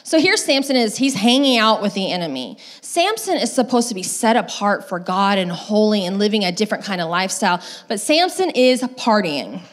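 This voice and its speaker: A young woman pastor giving a sermon in a relaxed, conversational way, as if retelling a story to friends. Her pitch sits mid-range for a woman, and she slips into lively acted quotes now and then. The tone stays informal, with plenty of "um" and "like.". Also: brisk, few pauses. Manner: casual storytelling with many fillers.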